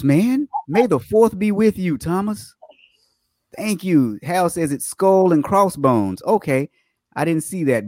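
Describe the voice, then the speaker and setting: A man's voice: medium pitch, darkish tone, no echo, clean studio sound. A man hosting a livestream, chatting upbeat with viewers and greeting them by name before reading fraud news stories. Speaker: livestream host.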